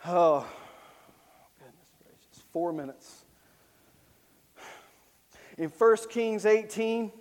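High-voiced man preaching in an echoing hall. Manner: emphatic, swings from loud declarations to low asides. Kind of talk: sermon.

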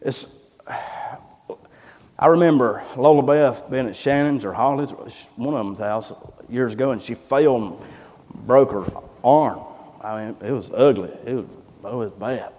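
A man's voice: medium pitch, a little slow, long pauses, mellow, long reverb tail. A middle-aged man, preaching a sermon in a folksy, plain-spoken way. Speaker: pastor.

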